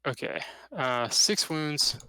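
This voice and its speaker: A man with a gravelly, bright voice talks through his turn at a tabletop wargame. His tone is clear and smooth as he counts dice aloud in an easy, casual way. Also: mid-range voice, slow. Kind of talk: casual game talk, thinking aloud.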